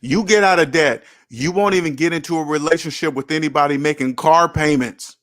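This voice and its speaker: On a casual livestream, a man aged thirty-plus works through chat, his voice on the high side, fairly bright and a little fast. He's blunt and preachy with viewers and swears without restraint.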